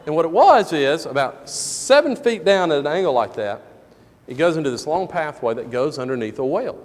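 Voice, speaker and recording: Telling a personal story from the pulpit of a church sanctuary, a middle-aged man preaches with animation and raises his volume sharply during quoted moments. His voice is fairly high, he keeps a moderate pace, and he sounds like he's in a large hall.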